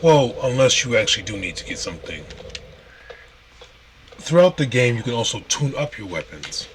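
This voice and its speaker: A man's voice: medium pitch, normal speed. A man streaming a game and casually explaining what to do as he plays. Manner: relaxed, explains while playing, with restarts. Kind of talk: casual gameplay walkthrough. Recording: noisy stream audio.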